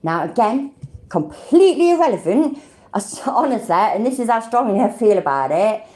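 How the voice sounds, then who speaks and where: Animated and brisk, this British-accented woman runs a livestream where she reacts live, bluntly and with swearing, while chatting to her viewers. Her voice is medium in pitch and a little mellow.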